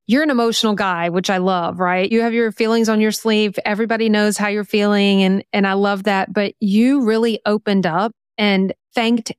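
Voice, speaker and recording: A woman with a smooth, clear, mid-pitched voice hosts a casual interview. She talks in a thoughtful, encouraging way and slows her words to stress what matters. The sound is dry and close to the mic. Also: fairly even intonation, no echo. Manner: warm praise, thoughtful, slows down to stress points. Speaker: podcast host.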